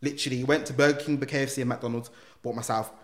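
A man's voice: medium pitch, steady tone, quick pace. A young man telling a story in casual chat. He acts out the other people's voices and uses slang. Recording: echoey room.

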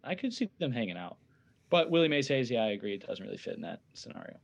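A young adult man, a guest on a casual movie podcast, talking in a measured, agreeable way. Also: medium pitch, very animated, gravelly, muffled recording.

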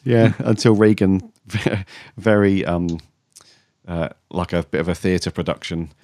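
Deep-voiced man chatting with a chuckle. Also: unhurried, a little mellow, dry recording, studio quality. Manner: rambling, chuckling, trailing off mid-sentence. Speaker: podcast co-host. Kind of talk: casual fan chat.

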